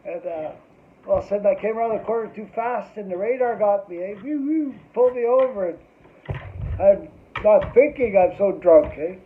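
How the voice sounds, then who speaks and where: A man in middle age tells a loose, foul-mouthed story and keeps tacking "eh" onto his sentences. His voice sits high for a man. The sound is thin and boxy, like it came down a phone line. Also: lively intonation, moderate pace, slight background noise. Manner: rambling and profane, tags lines with "eh". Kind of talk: casual anecdote.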